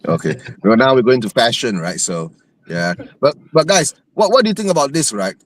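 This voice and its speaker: A man's voice: mid-range voice, sing-song, brisk. A man talking football as a panelist, ending nearly every phrase with a questioning right?.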